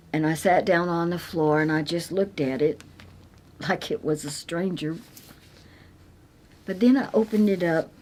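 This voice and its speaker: A middle-aged woman sharing a personal faith testimony, earnest and tender, and sometimes dropping to a soft whisper. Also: lowish voice, slight background noise. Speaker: Christian speaker sharing her testimony.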